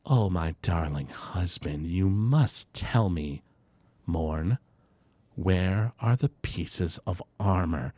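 A coaxing, sinister dragonborn woman in a tabletop fantasy game, as a man puts her on. She speaks slowly in a low, honeyed tone, full of quiet menace. The sound is dry and close. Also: lively intonation, dry recording, full character voice. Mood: menacing.

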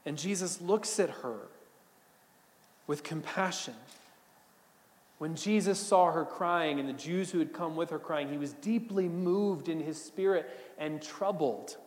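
A man preaching a sermon as a pastor, swinging from emphatic bursts to hushed, almost whispered moments. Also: a little high, unhurried, long reverb tail.

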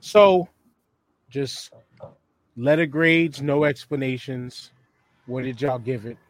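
A man hosting a podcast, relaxed as he steers the talk to the next topic. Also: medium pitch, slow pace, no echo. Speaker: podcast host.

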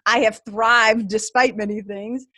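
Lively high-voiced woman telling stories. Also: measured pace, dry recording, studio quality. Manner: animated, laughing, acts out her own past thoughts. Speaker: guest. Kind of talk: podcast interview storytelling.

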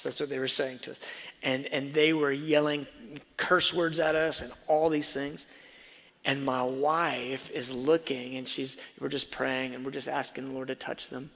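A man preaching a sermon, telling a personal story and swinging between soft asides and loud emphasis. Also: medium pitch. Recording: reverberant hall.

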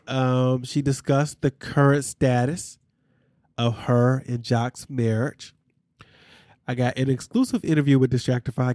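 A man's voice: mid-range voice, warm tone, no room sound, studio quality. A man hosting a podcast, recapping reality TV in a candid, slangy way with asides to his listeners. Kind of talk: casual chat.

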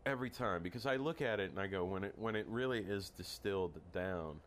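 Man, very deep voice, reflective, halting, faint noise behind. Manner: reflective, halting, repeats words while searching. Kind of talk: casual chat.

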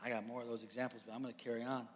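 A man preaching a sermon, animated and storytelling, acting out the characters. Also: medium pitch, rapid-fire, slight background noise. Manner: animated storytelling, acts out voices. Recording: echoey hall.

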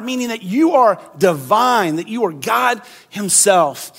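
A pastor delivers a sermon in a conversational way. His voice sits high for a man. He acts out the people in his story with animated delivery. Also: unhurried. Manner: animated, conversational preaching with acted-out quotes.

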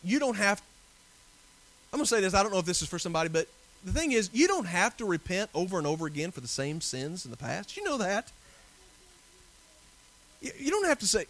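A man preaching a sermon earnestly, building at times to forceful emphasis. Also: high voice, big pitch swings, a little fast, pauses often. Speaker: pastor.

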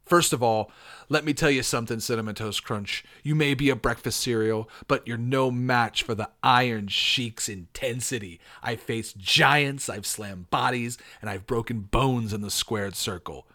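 A man putting on a tough wrestler voice to read out a loud, intense promo. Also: medium pitch, moderate pace, close to an everyday voice.

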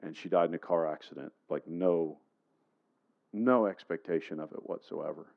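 A man's voice: low voice, normal speed, creaky, lo-fi sound. A man preaching a sermon, telling a personal story in a conversational way and putting questions to the congregation. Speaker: pastor.

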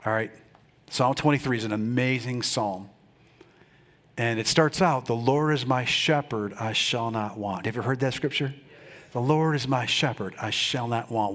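A male pastor preaching a lively sermon, calling out to his congregation and urging them to answer back. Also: mid-range voice. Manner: rousing, calls on the congregation to respond.

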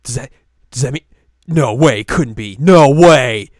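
A man playing two excited teenage girl fans, squealing in disbelief. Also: medium pitch, racing, no echo, clean studio sound, voice pushed up, natural voice. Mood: giddy disbelief.

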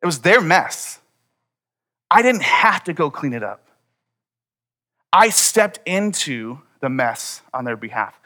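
A man preaching a sermon, telling a personal story and acting out the dialogue with lively energy. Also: mid-range voice, slow pace, pauses often. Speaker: pastor.

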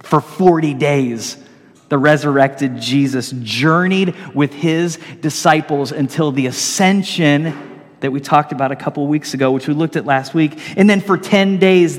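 Animated high-voiced male preacher. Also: unhurried, big-room sound. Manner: animated storytelling, swinging between loud and hushed. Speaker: pastor. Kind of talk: sermon.

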